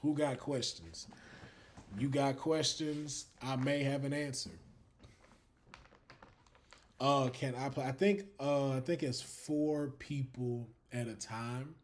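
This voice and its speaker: A man with a mid-range voice hosts a casual livestream, chatting animatedly with viewers. His talk is full of laughter and free swearing, often trailing off into drawn-out fillers.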